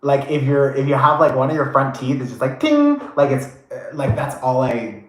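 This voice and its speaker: Chatty, animated tarot-reading man. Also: medium pitch, moderate pace, very echoey. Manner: chatty, animated, full of fillers and swearing. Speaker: tarot reader. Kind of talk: casual pick-a-pile tarot reading.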